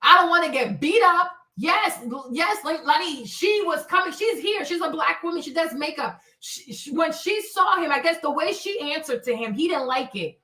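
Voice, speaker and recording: A woman hosting a casual livestream, telling stories in an animated, slangy way and acting out the exclamations. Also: sits high, normal speed, few pauses, echoey room, recorded from a distance. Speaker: livestream host. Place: home, in D.C.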